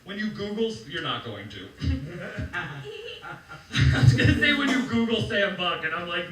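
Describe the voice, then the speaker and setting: A young man doing a stand-up set for a live crowd, telling his stories with animated delivery and acting out the quotes. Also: high-pitched, measured pace. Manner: animated storytelling, acts out quotes. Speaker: stand-up comedian. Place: comedy club stage. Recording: roomy club sound, mic heard from a distance, crowd noise. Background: audience laughing.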